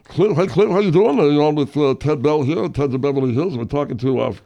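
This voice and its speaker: A man hosting a comedy call-in radio show with brash, quick patter. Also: a little high, vocal fry, dark tone, highs cut off.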